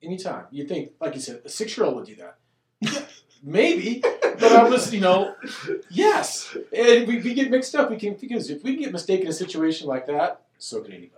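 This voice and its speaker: A man in casual chat, telling a story about himself in a halting, self-deprecating way. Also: high voice, sing-song, echoey room, far from the mic.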